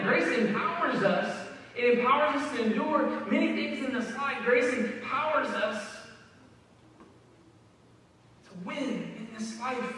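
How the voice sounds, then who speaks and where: A preacher with a high, bright, ringing voice talks to his congregation as if in conversation and often turns questions back to them. His quoted verses drop low and soft. The long reverb of the sanctuary and the distant mic fill the sound. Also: slight background noise. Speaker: pastor. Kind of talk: sermon. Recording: echoey hall heard from a distance.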